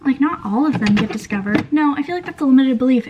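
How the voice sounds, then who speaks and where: A woman's voice: high voice, lively intonation, fast, muffled recording, background noise. A young woman in her twenties chatting casually in a vlog, swearing freely and saying "like" constantly. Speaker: vlogger. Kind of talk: casual chat.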